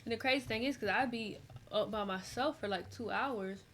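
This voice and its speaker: A young adult woman streaming a game, tired and chatting in a rambling, relaxed way full of slang. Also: on the high side, normal speed, slight background noise. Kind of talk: casual gameplay chat.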